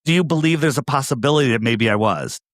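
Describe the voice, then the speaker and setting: This fast-talking man has a mid-range voice and a New York area accent. As a guest on a podcast video call, he converses casually and pushes his arguments through emphatic rhetorical questions. The audio is clean studio sound with no room echo.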